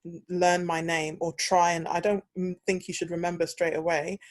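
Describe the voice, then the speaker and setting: A woman's voice: on the low side, level tone, normal speed, no echo. A young British woman hosting a podcast, telling a story in casual chat and acting out the quoted dialogue. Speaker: podcast host.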